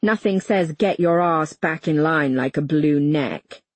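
A cold, commanding army colonel, put on by a woman reading the book, speaks low and slow, almost purring his orders. His quiet voice stays controlled and steady. It sits close and dry with no room around it. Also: no room sound. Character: stern middle-aged male army colonel, cold and commanding.

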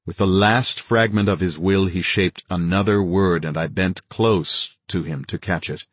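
Man, audiobook narrator, husky, tense grave reading, first-person thriller. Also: sits low, measured pace, no room sound.

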